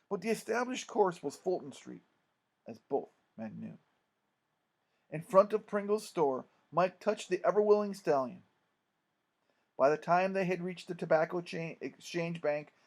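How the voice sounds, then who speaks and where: An audiobook narrator reads a memoir-style story in a fairly high, gravelly voice. He keeps a measured pace while delivering it in a lively, expressive way.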